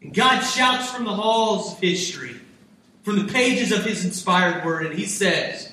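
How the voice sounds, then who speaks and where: Male pastor, high voice, impassioned sermon delivery, roomy church sound picked up from a distance. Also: animated, a little slow, bright, forceful tone. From United States. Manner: impassioned preaching, voicing prayers and God's reply. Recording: echoey hall, mic from a distance.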